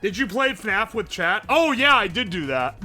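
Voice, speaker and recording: A man with an Appalachian accent chatting on a live stream, joking around and answering his chat's messages aloud. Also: sits high. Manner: joking, animated, reads chat messages aloud and answers them. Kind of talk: casual live-stream chat.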